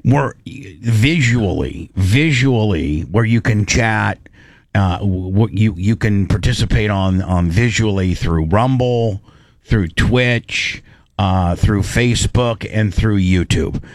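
Rambling talk-show host, dry sound. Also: male voice, lowish voice, dry recording. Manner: rambling, restarts often, slows to stress points. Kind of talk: casual on-air talk.

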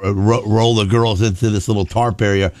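Brief: male co-host, low easy voice, dry sound. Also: little pitch movement, fairly quick, a little mellow, dry recording. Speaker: radio co-host. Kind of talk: casual banter.

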